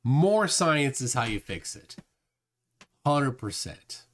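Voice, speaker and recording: A man hosts a casual livestream, reading out chat comments one after another. His pitch swings widely, rising and dipping as he rambles. He trails off and restarts often, with plenty of fillers between thoughts. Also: very animated, takes it slowly.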